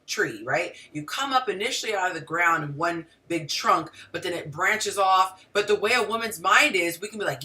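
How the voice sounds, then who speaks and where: A woman's voice: on the low side, normal speed, few pauses, far from the mic. A woman hosting a casual livestream as a relationship coach, talking animatedly and straight to her viewers with frequent asides. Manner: animated, talks to the audience directly with frequent asides. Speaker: relationship coach and show host.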